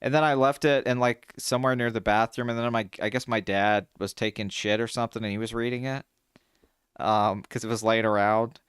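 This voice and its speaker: Smooth-voiced man in animated chat. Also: brisk, no room sound, studio quality. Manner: animated, swears freely, jumps in pitch when excited. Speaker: podcast co-host. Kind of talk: casual chat.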